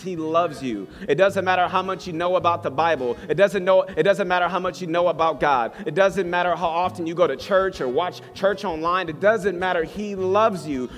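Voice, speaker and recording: A man preaching a sermon to a congregation in a church, reading scripture and praying in a fervent, exhorting way. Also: high voice. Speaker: pastor. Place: church hall with live congregation. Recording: long hall reverb, soft guitar behind.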